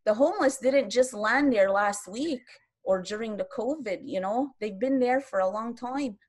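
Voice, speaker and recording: A woman's voice: medium pitch, moderate pace, a little mellow. Earnest woman from Quebec speaking. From Quebec, Canada. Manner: earnest, impassioned, with frequent restarts. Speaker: round-table panelist. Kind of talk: online round-table talk. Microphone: video call.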